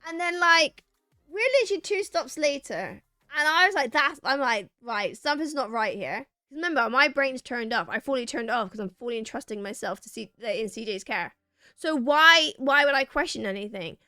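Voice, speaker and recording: Young woman, streamer, bright forceful voice, dry close mic with faint music under it; chatty storyteller who acts out quotes. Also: sits high, moderate pace, no echo. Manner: animated, acts out quoted lines, rambling restarts. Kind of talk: casual storytelling to chat.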